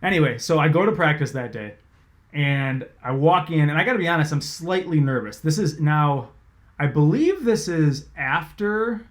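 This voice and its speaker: A man, a sports reporter, casually telling an animated, swear-laced story about his job. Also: on the high side, normal speed. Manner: animated, conversational, swears freely.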